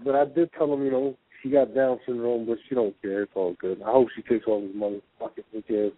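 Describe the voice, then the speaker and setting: A man's voice: medium pitch, steady tone, brisk, no room sound. A man co-hosting a casual call-in talk show, laid-back and profane, laughing often. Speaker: co-host. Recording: tinny phone line.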